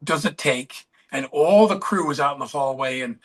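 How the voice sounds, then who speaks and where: A man as a podcast guest, telling rambling anecdotes and pausing to search for names mid-story. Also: a little high.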